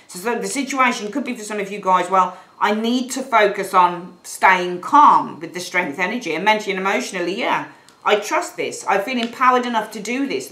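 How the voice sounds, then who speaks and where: A woman's voice: medium pitch, fairly bright tone, reverberant, rough recording. A woman giving a tarot reading, blunt and frank, swearing casually and repeating herself. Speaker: tarot reader. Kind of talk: monthly tarot reading, ranting aside.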